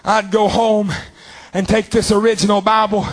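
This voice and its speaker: Male preacher, high voice, fervent sermon delivery with stretched-out lines. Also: flat delivery. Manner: fervent preaching with long drawn-out phrases.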